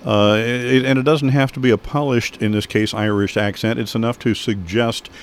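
A man hosting an interview, who talks in a measured, halting way with many fillers and restarts. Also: medium pitch, steady tone. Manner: measured, hesitant, full of fillers. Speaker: interview host. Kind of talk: conversational interview.

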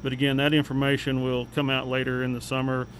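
A man speaking as a city official on a local radio talk segment, plain and unhurried with many fillers. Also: medium pitch, monotone, fairly bright tone, slight background noise, poor audio. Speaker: city official giving updates.

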